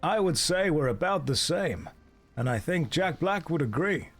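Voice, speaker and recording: A man's voice: fairly high pitch, very animated, normal speed, a bit bright, faint music behind. A man chatting casually and joking dryly as he plays a game and answers his chat. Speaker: streamer. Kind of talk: casual chat while gaming.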